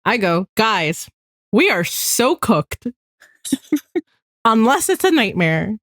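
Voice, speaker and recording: A young woman co-hosting a podcast in a high, swooping voice, dramatically retelling a string of chat messages. Her voice is recorded close up with no room sound. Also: very animated, slow pace, fairly bright tone, dry recording. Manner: dramatic, recounts group chats with quoted lines. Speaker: podcast co-host. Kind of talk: casual chat.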